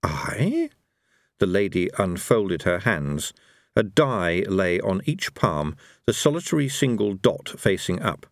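A man reads an audiobook with a lively, expressive delivery, his pitch moving freely. The recording is dry and close. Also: a little slow, no room sound. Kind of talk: audiobook narration.

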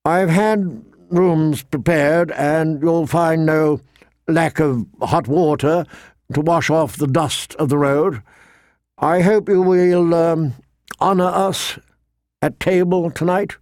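A man's voice: on the high side, unhurried, few pauses, a little mellow, no echo, clean studio sound, voice pushed up. A man voicing a stiff, uneasy young nobleman who halts and stumbles over his words in an audiobook reading. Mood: awkward. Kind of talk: audiobook character voice.

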